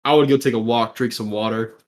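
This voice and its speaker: A young man giving relaxed, chatty commentary on a live-streamed gaming tournament. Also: mid-range voice, brisk. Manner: easygoing, chatty, lots of fillers.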